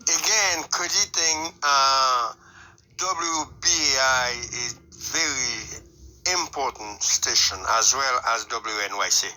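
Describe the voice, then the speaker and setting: A man on talk radio speaking slowly and hesitantly, with many pauses and fillers. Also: medium pitch, sharp tone, a little hiss or hum, poor audio.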